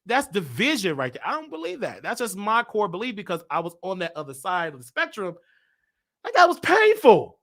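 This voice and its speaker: A man hosting his own show speaks candidly and confessionally about his life in a personal livestream, repeating himself as he works things through. His high-sitting voice is very animated, pushed and bright, at a moderate pace.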